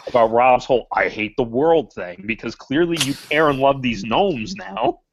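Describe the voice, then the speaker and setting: A man's voice: medium pitch, animated, normal speed, vocal fry, slight background noise. A man co-hosting a podcast, arguing and swearing in casual banter. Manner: profane, argumentative. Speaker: podcast co-host.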